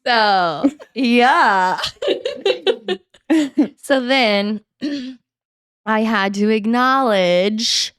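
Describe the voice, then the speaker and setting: A woman's voice: fairly high pitch, extremely slow, pauses often, clear, resonant tone, dry recording, studio quality. A young woman, a podcast guest, telling her own story candidly and acting out what people said, often laughing. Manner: animated, acts out quotes with laughter.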